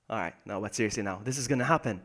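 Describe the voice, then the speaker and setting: A man streaming a game live, greeting viewers by name, yelping when things go wrong and mocking himself. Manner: excitable, jumps to high yelps when in danger, then mutters low. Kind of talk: live gameplay commentary.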